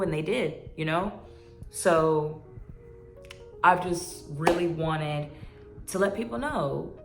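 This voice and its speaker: A woman in her twenties pours her heart out to her YouTube viewers, earnest and meandering in a casual vlog. Her low voice has a creaky quality, and the room is echoey.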